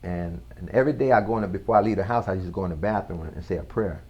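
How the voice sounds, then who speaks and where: Male guest with a low voice, recounting his past earnestly and casually. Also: warm tone, highs cut off. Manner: earnest, slow storytelling with casual slang. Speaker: interview guest. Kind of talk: personal testimony in an interview.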